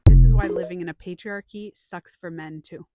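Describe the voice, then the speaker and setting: A woman's voice: fairly low pitch, moderate pace, background noise. A woman talking casually about feelings, telling stories and acting out what people said. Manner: animated storytelling, acts out quotes. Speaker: podcast host. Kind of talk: casual opinion talk.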